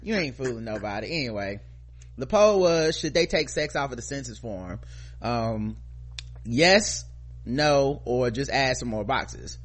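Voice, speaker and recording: A man's voice: medium pitch, animated, unhurried, a bit bright. Male co-host, mid-range voice, playful mock outrage in loose banter. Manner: joking, mock-indignant riffs. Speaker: podcast co-host. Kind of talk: casual chat.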